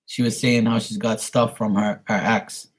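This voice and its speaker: A man's voice: fairly low pitch, level tone, moderate pace. A man hosting a casual live stream and chatting with viewers, speaking bluntly with plenty of profanity and a rambling flow.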